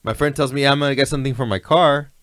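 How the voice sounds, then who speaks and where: A man's voice: mid-range voice, steady tone, fast, a bit bright, no room sound. A man telling stories in a laid-back, rambling way, often asking "you know what I mean". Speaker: guest. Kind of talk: casual storytelling chat.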